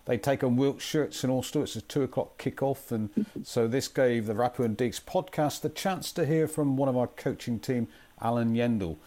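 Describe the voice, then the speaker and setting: A man's voice: medium pitch, normal speed, hardly any pauses, dark tone. A man hosting a podcast in a casual chat, easygoing and steering the talk with short prompts. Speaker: podcast host.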